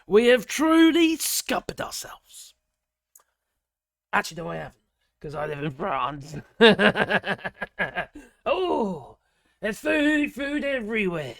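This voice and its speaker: This middle-aged woman from Britain has a mid-range, creaky voice and takes her time as she rants over a news article. Sarcastic and indignant, she lets out bursts of mild swearing, and her animated delivery spikes upward when she's outraged. It's studio quality, with no room sound.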